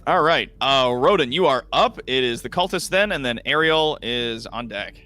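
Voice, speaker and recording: A man's voice: medium pitch, expressive, moderate pace, pushed and bright. A man narrating as game master, laughing often and loose with his words, with many ums and restarts.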